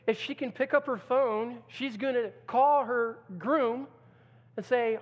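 A man's voice: extremely high pitch, measured pace. Male pastor delivering a dramatic sermon with acted-out quotes, in a church sanctuary with a long hall reverb. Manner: dramatic, acts out quoted voices, swings from loud to hushed.

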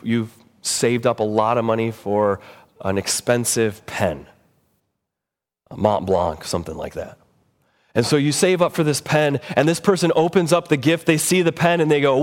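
A man preaching a sermon as pastor, animated, acting out quoted voices with big jumps in pitch. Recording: long hall reverb.

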